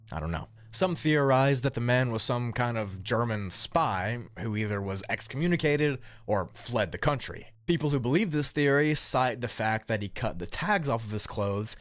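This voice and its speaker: A man narrating a scripted mystery video as a YouTuber, with a measured, reflective delivery. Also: lowish voice, dry recording.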